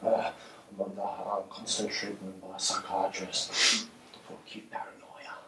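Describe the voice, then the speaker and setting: A man's voice: deep voice, completely flat delivery, normal speed, noisy background, lightly acted. An actor playing a paranoid man trying to talk a chemist into giving him drugs, nervous and pushy. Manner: nervous, coughing, then pushy. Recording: echoey room, far from mic.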